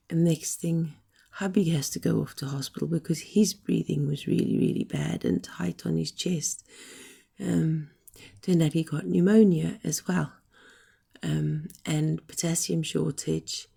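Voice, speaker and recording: Hoarse breathless woman, very gravelly. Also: low voice, warm tone. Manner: rambling, apologetic, frequent ums. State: hoarse and short of breath, coughing. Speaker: vlogger recovering from illness. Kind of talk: casual chat to camera.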